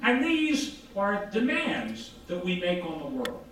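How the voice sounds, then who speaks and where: A man giving an informal psychology lecture, animated, asking rhetorical questions and answering them himself. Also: high-pitched, slow pace. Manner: acts out quoted dialogue. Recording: very echoey room from far off.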